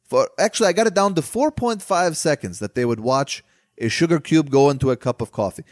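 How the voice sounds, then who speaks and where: A man voicing a fussy older male film director who slowly and deliberately lectures about a shot. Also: a little high, expressive, no echo, studio quality, pitched above the performer's own voice, natural voice. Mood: earnest lecturing.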